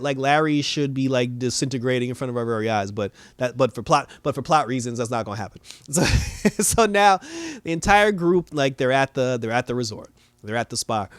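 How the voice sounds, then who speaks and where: A man's voice: medium pitch, clear, resonant tone, dry recording. A man giving a casual, rambling recap and review of a TV episode, slangy and laughing often.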